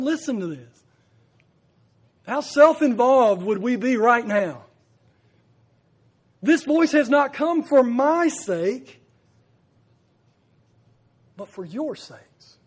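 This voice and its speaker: Husky, high-voiced male preacher. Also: slow, pauses often. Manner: earnest, rising to emphatic peaks, with repeated phrases. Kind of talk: sermon.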